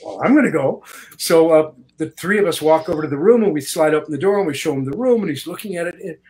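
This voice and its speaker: Animated older man telling stories. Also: a little high, fast, poor audio. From Canada. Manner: animated, slips into voices while telling stories. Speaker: guest voice actor. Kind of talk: casual interview storytelling.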